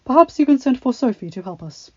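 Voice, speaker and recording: A woman voicing a calm, careful male doctor who speaks in a measured way, in a storybook reading. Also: sits high, breathy edge, dry recording, pitched above the performer's own voice. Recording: slightly dull, faint background music.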